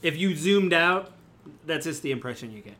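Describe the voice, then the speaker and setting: A man running a tabletop game, describing the scene in a loose, rambling way full of fillers. His voice is bright and sits somewhat high. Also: expressive, moderate pace. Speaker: game master.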